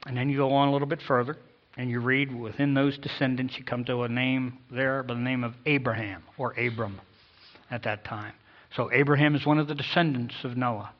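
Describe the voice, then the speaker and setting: A male pastor preaching a sermon in an emphatic way, with sudden swells in loudness. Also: mid-range voice, fairly even intonation, a little fast. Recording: dull lo-fi sound.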